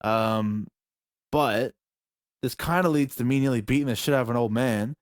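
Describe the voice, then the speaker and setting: A young man co-hosting a podcast, telling a story in animated, swear-heavy casual chat with sudden shouts and laughs. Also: mid-range voice, moderate pace, no room sound, clean studio sound. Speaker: podcast co-host.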